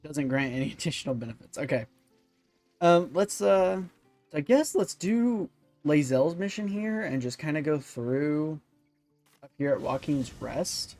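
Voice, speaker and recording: A man's voice: a little high, unhurried, a little mellow, soft background music. A man hosting a let's-play video, rambling and thinking aloud with many fillers. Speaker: gaming channel host.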